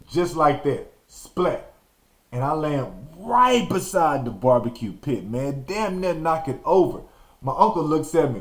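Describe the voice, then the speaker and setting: A man from Texas hosting a podcast, telling a story in an animated, slangy way and acting out the scenes. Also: mid-range voice, normal speed. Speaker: podcast host. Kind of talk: storytelling monologue.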